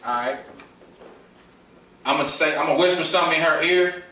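A man from Detroit lectures a live crowd in a bright, forceful voice, firing questions at them and drawing them into his points. The mic sits well back from him, so the sound is roomy and echoing, with a faint hiss underneath. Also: on the high side, brisk. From Detroit, USA. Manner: preachy call-and-response, questions the crowd, playful. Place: room with a live audience. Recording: echoey room, distant mic, faint noise.

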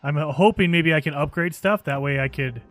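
A man hosting a gaming channel, giving excitable let's play commentary and thinking aloud as he plays. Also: on the high side, moderate pace.

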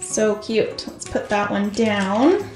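Slow, gushing woman unboxing toys. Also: medium pitch. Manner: gushing, excitable, talks to viewers as "you guys". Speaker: toy unboxing host. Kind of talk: casual unboxing commentary. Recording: echoey room with faint music.

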